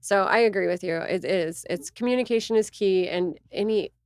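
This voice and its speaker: A woman's voice: medium pitch, moderate pace, clear, resonant tone, no echo, clean studio sound. Chatty woman co-host. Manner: chatty, quotes people with animated asides. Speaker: co-host realtor. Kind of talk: casual podcast chat.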